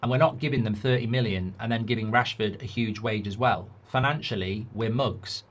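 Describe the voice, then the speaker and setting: Blunt male negotiator, as a fan puts him on, low, dismissive, matter-of-fact. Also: fairly quick, natural voice.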